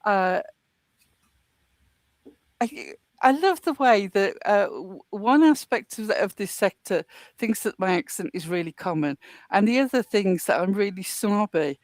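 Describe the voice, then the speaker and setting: A woman from the English Midlands with a slightly softened Midlands accent, chatting as a co-host in a dry, sarcastic, mock-indignant way. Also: mid-range voice, expressive, measured pace, dry recording. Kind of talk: casual podcast chat.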